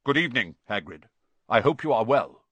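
A man voicing a solemn, aloof male centaur who speaks slowly and cryptically, as a storybook reading. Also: mid-range voice, big pitch swings, fairly bright tone, husky, no room sound. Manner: slow, measured, cryptic.

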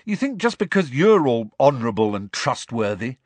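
A man's voice: mid-range voice, very animated, moderate pace, dry recording, pitched above the performer's own voice. A man voicing a hot-headed teenage boy who talks bluntly and eagerly and is easily indignant.

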